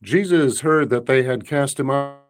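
A man hosting a program who reads the Bible passages aloud in a measured way. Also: medium pitch. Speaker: host. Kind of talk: scripture reading and casual hosting.

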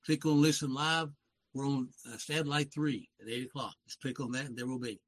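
A man's voice: medium pitch, fairly even intonation, brisk, rough recording. An older man in his seventies with a Southern accent, talking as a guest on a radio program. He rambles in a folksy way and often corrects himself. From West Virginia. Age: 70s. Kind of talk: casual talk show conversation.

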